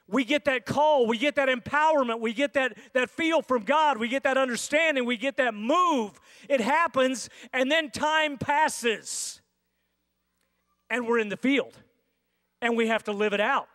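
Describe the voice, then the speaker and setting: A man preaching a sermon as senior pastor, with dramatic pauses and acted-out inner voices. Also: very high-pitched, fairly bright tone. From United States. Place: large church sanctuary. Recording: dry sound with long hall reverb.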